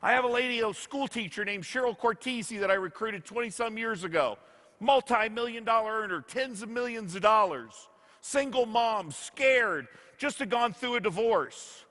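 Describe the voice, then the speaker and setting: A man's voice: high voice, normal speed, pushed and bright. A man giving a motivational speech to an audience, telling stories and acting out what people said to him. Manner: storytelling, acting out quoted dialogue. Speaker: motivational speaker. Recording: echoey hall.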